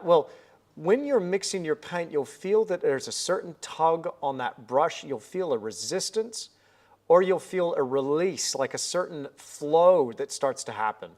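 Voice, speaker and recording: A man's voice: fairly high pitch, expressive, a little slow, a little mellow. A man hosting a live painting stream, chatting in an upbeat way and thinking aloud as he works at the easel. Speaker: painting livestream host. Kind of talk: live painting demonstration chat.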